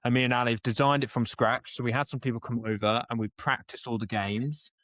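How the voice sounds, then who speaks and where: A man's voice: medium pitch, fairly even intonation, fast talker, a bit bright, no room sound, highs cut off. A man, chatting and joking as a podcast co-host. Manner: laughing, jokey banter. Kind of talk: casual chat.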